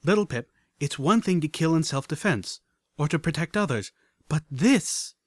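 A man puts on an earnest young mare pony healer, her voice pitched well above his own and pushed loud with reproach. She pleads from the heart in a storybook reading, held in a dry, close sound. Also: lively intonation, moderate pace, no room sound. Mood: pleading. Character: grieving, earnest female unicorn pony healer.

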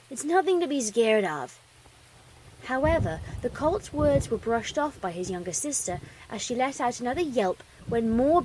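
A woman reading a fan story aloud as the narrator, with expressive delivery. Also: fairly high pitch, a little hiss or hum, low-quality recording.

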